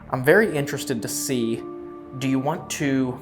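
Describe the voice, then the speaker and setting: A man's voice: medium pitch, moderate pace, music in the background. A man investigating a haunted house, questioning spirits aloud in a musing way and laughing easily, recorded in a room of an old house. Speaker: paranormal investigator. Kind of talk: ghost-hunting session talk.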